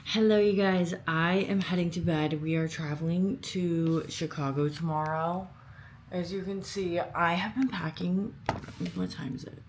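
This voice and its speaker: A woman's voice: fairly low pitch, fairly even intonation, measured pace, slight background noise. A young woman talking casually to her viewers in an upbeat, chatty vlog voice, with lots of fillers. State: out of breath after training. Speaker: fitness vlogger. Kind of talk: casual vlog talk to camera. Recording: background music.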